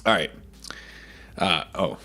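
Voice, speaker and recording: A man's voice: low voice, slow, pushed and bright. A man streaming casually, talking enthusiastically about food and greeting his chat. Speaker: VTuber streamer.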